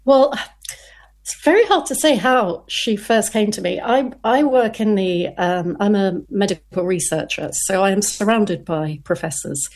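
Woman author guest, casual and chatty, laughs a lot, restarts her lines, middle pitch. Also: unhurried, darkish tone. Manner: chatty, self-interrupting, laughs often. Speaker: crime novelist guest. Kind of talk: casual interview chat.

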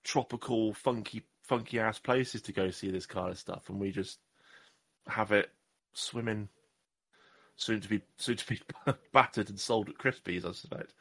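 Low-voiced rambling man. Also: moderate pace, a bit bright, husky. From Southwest England. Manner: rambling, self-mocking, trails off and restarts. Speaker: podcast co-host. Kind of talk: casual podcast chat.

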